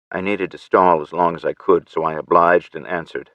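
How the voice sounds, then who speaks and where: A deep, low male voice reading an audiobook in first person, measured and steady. The sound is very dry, with no room around it. The audio is slightly dull and lo-fi. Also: no echo. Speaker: audiobook narrator. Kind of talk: scripted first-person narration.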